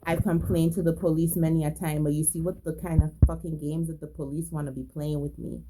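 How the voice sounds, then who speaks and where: A woman's voice: low voice, flat delivery, fairly quick, noisy background. A woman telling a personal story in a casual monologue, agitated, profane, emphatic and repetitive. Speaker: storyteller recounting a personal incident.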